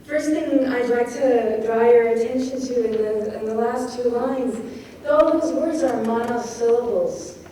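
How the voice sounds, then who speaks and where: Woman, poetry lecture, deliberate word-by-word emphasis, slightly high voice, faint background hiss. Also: dark tone. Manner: slow, deliberate, stresses words one at a time. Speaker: poetry craft talk speaker. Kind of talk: lecture to workshop audience. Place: lecture room at a poetry festival. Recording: echoey room, mic far off, faint noise.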